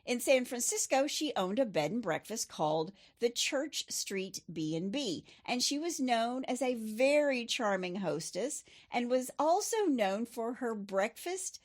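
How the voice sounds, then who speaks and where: A woman's voice: fairly high pitch, big pitch swings, unhurried, few pauses. A middle-aged woman hosting a true crime podcast, telling the case in a chatty way with personal asides. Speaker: podcast host. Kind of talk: true crime storytelling chat.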